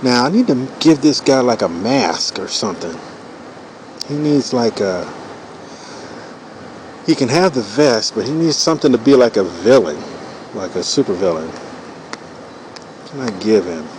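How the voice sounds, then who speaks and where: A man in his forties, mid-range and slightly mellow in voice, speaks animatedly at normal speed but with long pauses. He's a streamer drawing cartoons through a loose, foul-mouthed comedic monologue full of "you know," captured on poor audio with a little hiss or hum.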